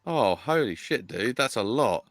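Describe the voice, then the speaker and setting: A man's voice: medium pitch, expressive, measured pace, background noise. A man co-hosting a casual live-stream chat, jokey and teasing. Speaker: co-host. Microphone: video call.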